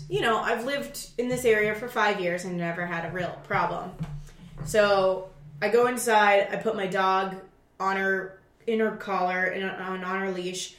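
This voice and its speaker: A woman telling a story in a casual chat, profane and animated, acting out her own shouting. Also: medium pitch, normal speed. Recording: roomy echo.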